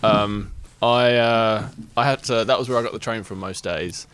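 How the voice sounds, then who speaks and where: A man's voice: on the low side, moderate pace, smooth. A man, a podcast guest telling a long anecdote in casual chat, swearing freely and acting out the voices of the people in it. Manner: animated, acts out voices in anecdotes, laughs often.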